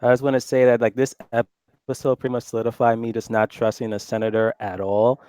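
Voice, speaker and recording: A man joining a casual show discussion as a panelist, measured and thoughtful, using lots of fillers. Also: mid-range voice, flat delivery, darkish tone, clean tone, dry recording. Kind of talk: casual discussion on a video call.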